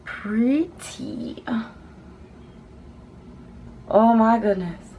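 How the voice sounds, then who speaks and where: A woman beauty vlogger chatting excitedly and gushing over lip colours in a casual home swatch video. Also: on the high side, very slow, lo-fi sound, noisy background. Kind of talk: casual makeup swatch vlog. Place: home, children nearby.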